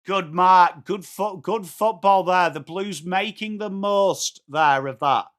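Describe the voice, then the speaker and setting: With an English accent, a man calls a football match live for a watchalong in an excitable way, full of jokes, swearing and shouts at big moments. His voice is high-pitched and his pace slow.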